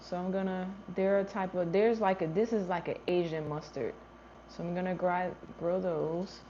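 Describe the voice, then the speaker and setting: A woman's voice: lowish voice, fairly even intonation, moderate pace, warm tone, slight background noise. A woman hosting a gardening livestream in casual chat, answering viewer comments and thinking aloud as she goes. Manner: chatty, thinks aloud, trails off and restarts. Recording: slightly dull lo-fi livestream audio.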